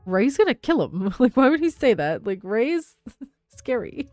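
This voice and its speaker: A woman hosting a gaming channel who chats casually and giggles as she reacts with quick asides. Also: on the high side, very animated, darkish tone, no room sound, soft background music. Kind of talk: casual let's-play commentary.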